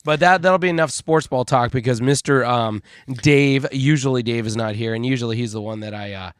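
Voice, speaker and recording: A man's voice: medium pitch, a little fast, clean tone, no echo, studio quality. A man from Minnesota co-hosting a casual tech podcast, jokey and playfully dramatic, with lots of filler words. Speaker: podcast co-host.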